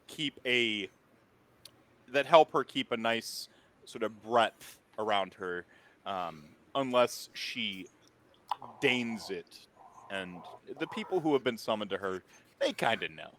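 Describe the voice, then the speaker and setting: A man's voice: mid-range voice, expressive, takes it slowly, fairly bright tone. Midwest guy running a tabletop game, voice bouncing all over, lots of likes and ums. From American Midwest. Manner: rambling, filler-heavy, laughing often. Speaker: game master. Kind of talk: narrating a tabletop role-playing game.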